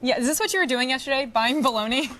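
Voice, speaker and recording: A woman's voice: high-pitched, quick pace, a bit bright. A woman co-hosting a live TV show, teasing her co-host and laughing. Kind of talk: live TV banter. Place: TV studio.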